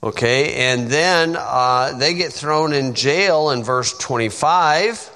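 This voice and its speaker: A man's voice: medium pitch, bright, forceful tone. A man from the United States, a pastor teaching a Bible lesson in an informal, folksy way with joking asides. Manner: folksy, joking asides, slow deliberate delivery. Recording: long reverb of a hall.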